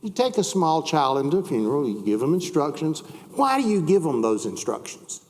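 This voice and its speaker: A man's voice: fairly high pitch, sing-song, a little fast, in a large hall. A man teaching a church Bible class, chatting with the class, asking them questions and reading scripture aloud.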